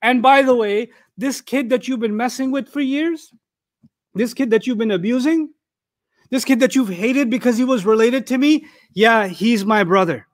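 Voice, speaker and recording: Animated man giving a sermon lecture. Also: extremely high pitch, normal speed, dry recording, studio quality. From Pakistan. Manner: animated, humorous, conversational. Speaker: Quran lecturer.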